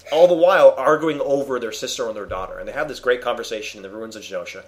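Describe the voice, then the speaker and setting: A man hosting a casual comics discussion, retelling a story with animated enthusiasm and many restarts. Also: mid-range voice, very fast. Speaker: podcast host reviewing comics. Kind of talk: casual chat.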